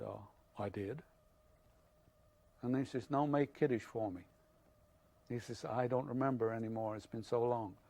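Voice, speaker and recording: An older man tells his story in a halting, unhurried way, pausing often on fillers. He speaks at an ordinary middle pitch, as an interviewee recalling events from his own life. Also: darkish tone. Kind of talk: oral history testimony.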